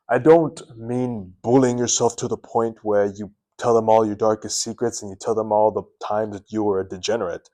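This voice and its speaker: Brief: male self-help host, lowish voice, earnest and animated, talks to camera, stumbles and restarts now and then. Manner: earnest, animated, varies tone up and down on purpose, restarts words. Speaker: self-improvement video host. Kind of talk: direct-to-camera advice talk. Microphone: camera mic.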